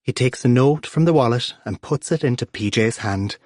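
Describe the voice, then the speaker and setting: A man narrates an audiobook in a dry, close recording. He shifts his pitch to voice the different characters. His voice sits at an ordinary middle pitch. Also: moderate pace, few pauses, dry recording.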